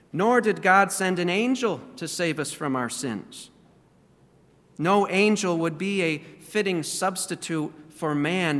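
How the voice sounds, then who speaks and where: A man's voice: fairly high pitch, fairly bright tone, in a large hall. A man preaching a sermon in a church, earnest and full of rhetorical questions. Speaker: pastor.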